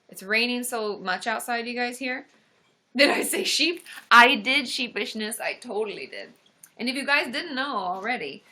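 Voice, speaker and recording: A woman therapist hosting a casual livestream, excitable and gushing, full of gasps and exclamations. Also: on the high side. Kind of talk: casual live-stream chat.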